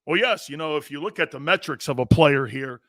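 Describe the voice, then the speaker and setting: Bright-voiced ranting sports show host. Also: male voice, fairly high pitch, brisk, no room sound, clean studio sound. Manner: animated, ranting, sarcastic. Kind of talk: opinionated sports commentary.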